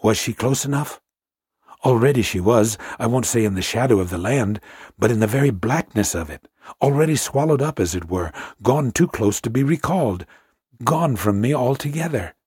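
A man narrating a classic sea story in a measured, hushed storytelling manner. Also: medium pitch, expressive, breathy edge, no echo, studio quality. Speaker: audiobook narrator.

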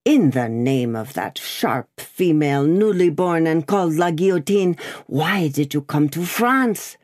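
A woman reading an audiobook, voicing a grim, terse male wine-shop keeper who speaks low and short. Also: normal speed, mellow, dry recording, clean studio sound. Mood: impatient.

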